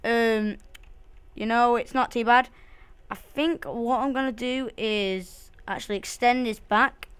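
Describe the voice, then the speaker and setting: A woman's voice: on the high side, steady tone, unhurried, a bit bright, clear, resonant tone. A woman giving casual, jumpy commentary while she plays a game, swearing often and talking to herself and to the game. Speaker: let's play host.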